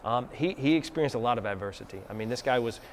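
A man's voice: medium pitch, quick pace, a little hiss or hum. A man with a Southern American accent, chatting casually about faith and using folksy everyday analogies. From Southern United States. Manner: folksy, uses homespun analogies.

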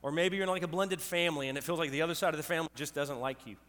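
A middle-aged man preaching a sermon, animated and storytelling, asking the crowd questions. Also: a little high, racing. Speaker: pastor. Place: church hall with live audience. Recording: long hall reverb.

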